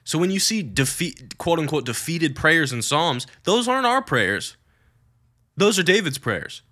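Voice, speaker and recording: A man's voice: a little high, big pitch swings, measured pace, pushed and bright. A man preaching earnestly to young people about prayer, with emphatic bursts. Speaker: youth preacher. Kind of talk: teaching on prayer.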